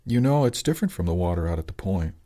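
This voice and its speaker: A man voicing a quiet, shy teenage boy who is becoming a shaman, speaking softly and simply. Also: deep voice, expressive, quick pace. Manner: soft-spoken, simple and shy.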